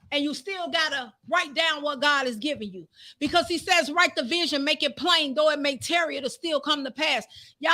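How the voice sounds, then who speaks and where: Woman preacher, sermon, very high voice, fervent shouted praise, repetitive.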